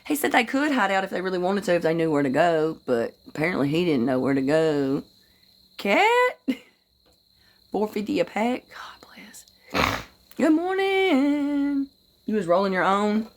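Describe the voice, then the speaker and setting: A woman's voice: fairly low pitch, sing-song, fairly quick. A woman hosting a casual livestream who greets viewers by name, swears freely and tells rambling stories in a folksy way. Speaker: livestream host.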